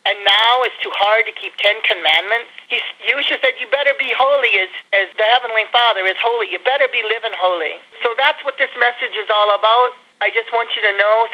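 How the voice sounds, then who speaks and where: A woman preaching a sermon as a prophet, fiery and accusing, sometimes bursting out sharply. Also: mid-range voice. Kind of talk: recorded sermon. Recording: dull lo-fi recording.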